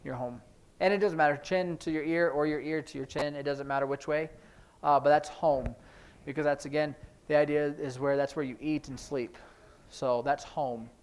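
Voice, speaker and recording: A man teaching a sign language class in a church classroom, explaining each sign as he demonstrates it, with hurried asides about the time. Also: on the high side, steady tone, smooth. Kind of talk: classroom instruction.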